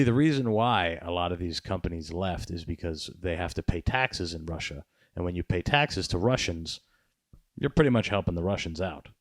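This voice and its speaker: A man's voice: low-pitched, dry recording, studio quality. A man hosting a podcast, chatting in a rambling, sarcastic way and swearing often. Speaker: podcast host. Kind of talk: casual podcast chat.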